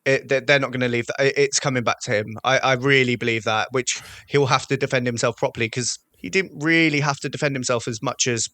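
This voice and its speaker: Male co-host, blunt and teasing, bright voice, dry sound. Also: medium pitch, fairly even intonation, a little fast, hardly any pauses, no echo. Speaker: podcast co-host. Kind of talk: casual podcast chat.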